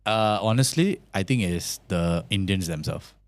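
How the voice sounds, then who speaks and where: Man, Malaysian English accent, deeper voice, relaxed interview guest, laughs easily. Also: unhurried. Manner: laid-back, laughs often, lots of fillers. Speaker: filmmaker guest. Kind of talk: casual interview chat.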